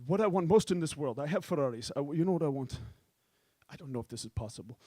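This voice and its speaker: A man's voice: a little high, expressive, quick pace, warm tone, no room sound, studio quality, voice pushed down. A man putting on a grandiose oil sheik. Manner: grandiose, theatrical pronouncements. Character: rich, grandiose oil sheik, pompous and excitable.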